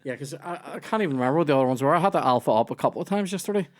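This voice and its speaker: A man hosting a comedy podcast, chatting casually and telling stories, swearing freely and dropping into quick impressions of people he meets. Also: fairly high pitch, animated. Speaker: podcast host.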